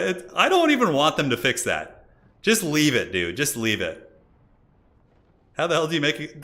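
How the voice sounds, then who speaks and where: Lively bright-voiced male streamer. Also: fairly high pitch, moderate pace, long pauses. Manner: excitable, joking, laughs often, chats to viewers. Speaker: streamer hosting multiplayer matches. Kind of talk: casual live-stream commentary.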